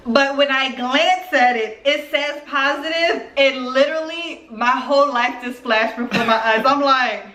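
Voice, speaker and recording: A woman in her twenties from Philadelphia telling a personal story on her vlog in a chatty, animated way full of fillers. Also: high voice, a little slow, hardly any pauses. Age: 20s. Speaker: YouTuber. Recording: roomy echo.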